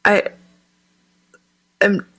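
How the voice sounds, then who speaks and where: Slow-speaking woman in casual chat. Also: sharp tone, rough recording. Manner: brief agreeing interjections, easygoing. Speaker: podcast co-host.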